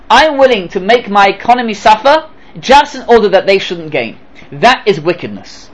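Animated man giving a Torah lecture. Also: high voice, poor audio. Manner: animated, acts out dialogues, rhetorical questions. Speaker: rabbi.

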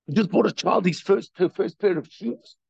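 Guy teaching a religious class, kinda high voice, gravelly, keeps asking the room questions, dry sound. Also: normal speed, a little mellow, no echo. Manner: talks straight to listeners with frequent questions. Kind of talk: conversational lecture with storytelling. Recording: dry, dull lo-fi recording.

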